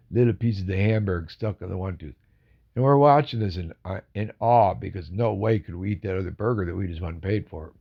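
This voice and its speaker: Gravelly, rambling storyteller man. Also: low voice, muffled recording. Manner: rambling, animated storyteller with asides. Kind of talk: casual storytelling stream.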